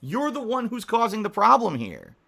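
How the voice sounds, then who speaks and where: High, lively, ranting male streamer. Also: moderate pace, creaky, slightly rough. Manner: angry, profane, mocking. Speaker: game streamer.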